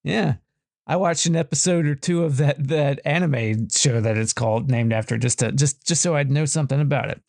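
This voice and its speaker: A man's voice: mid-range voice, fairly quick, gravelly, a little mellow, no room sound. Rambling male podcast host. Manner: rambling, full of restarts and filler. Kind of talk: casual podcast chat.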